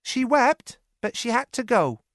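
A soft-spoken young farm girl with a high, sorrowful voice, as a man puts her on. The sound is dry and close up. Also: big pitch swings, unhurried, no room sound, exaggerated voice. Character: young farm girl bringing sad news.

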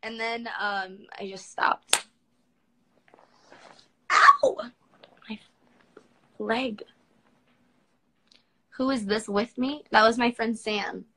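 Bright-voiced young woman chatting to fans. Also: on the high side, big pitch swings, drawn-out words, long pauses, low-quality recording. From Washington, D.C., United States. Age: 20s. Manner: chatty, reads and answers viewer comments. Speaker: model answering fans on a livestream. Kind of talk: casual livestream Q&A. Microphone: phone.

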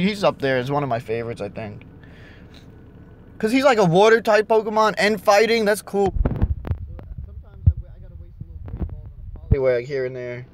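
A young man ranting and cursing nonstop while driving around and vlogging. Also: high-pitched. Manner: angry, cursing constantly. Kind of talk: casual rant while driving. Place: in a car.

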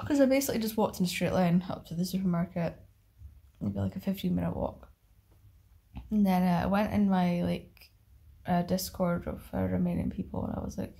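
A woman's voice: lowish voice, normal speed, creaky, dark tone. A young woman from the UK, chatting casually in a vlog. She rambles and is self-mocking, with many filler words. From United Kingdom. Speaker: travel vlogger.

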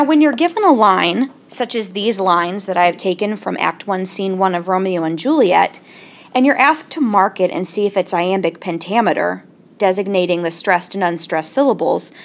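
A woman teaching a lesson in a clear, patient way, slowing down to sound out syllables. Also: lowish voice. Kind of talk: explaining a lesson.

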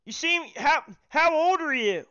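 A man runs a call-in livestream in a very high, bright voice. He talks haltingly and repeats his words. The audio is muffled and lo-fi. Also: expressive. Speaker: livestream host taking callers. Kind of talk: hosting a call-in show.

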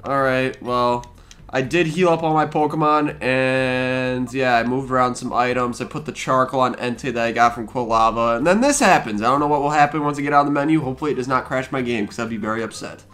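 A young man hosting a let's play, commenting on the game as he plays, chatting to the characters on screen with quick exclamations. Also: medium pitch, fairly bright tone.

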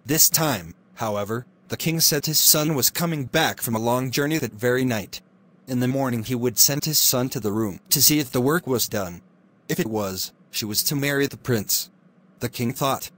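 A man narrating a classic fairy tale in a steady, clear reading voice. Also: medium pitch, normal speed. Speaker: storyteller.

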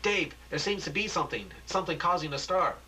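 Man doing a scared lady news anchor, high falsetto-ish, urgent questions. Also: expressive, a little fast, bright, forceful tone, slight background noise, rough recording. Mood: alarmed. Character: alarmed female TV news anchor.

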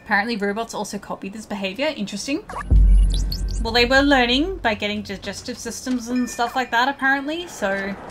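A woman's voice: fairly high pitch, fairly quick, music in the background. A woman giving casual let's play commentary, chatting to viewers and swearing at game characters.

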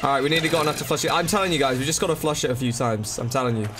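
A man's voice: a little high, very fast, noisy background. Frantic young man streaming a zombie game. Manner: swears, begs and pleads under pressure; excitable, exclaiming at the game. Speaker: gaming streamer. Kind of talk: frantic live gameplay commentary. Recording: loud game music behind. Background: game music.

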